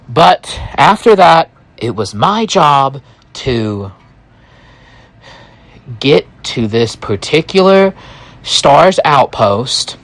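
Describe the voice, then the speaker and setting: A man narrating a story in the first person, relaxed and slow, with hesitant restarts. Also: medium pitch.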